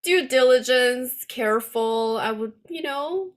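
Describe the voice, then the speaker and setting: A woman playing a fast-talking, evasive circus recruiter in an improv scene. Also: high voice, expressive.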